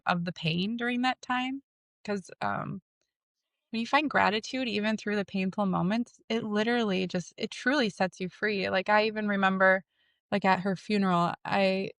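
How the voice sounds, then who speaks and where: A woman in her thirties talking as a podcast guest, halting, with many fillers and self-conscious asides. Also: mid-range voice, steady tone, a bit bright, dry recording, clean studio sound. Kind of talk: casual conversation.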